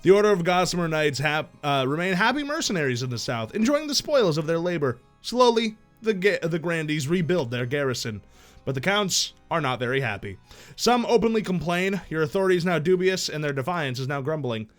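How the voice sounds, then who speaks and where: A man's voice: on the high side, big pitch swings, fairly quick, soft background music. A man streaming a game live, thinking aloud in casual, profane chat.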